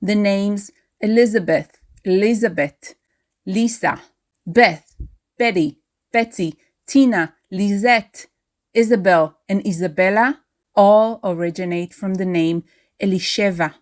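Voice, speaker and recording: A woman teaching a language lesson, pronouncing each word with deliberate care. She speaks at a very unhurried pace, pausing often between phrases. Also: mid-range voice. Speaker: Hebrew teacher. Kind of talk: slow, clear language lesson. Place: outdoors in wind, then indoors in a workshop.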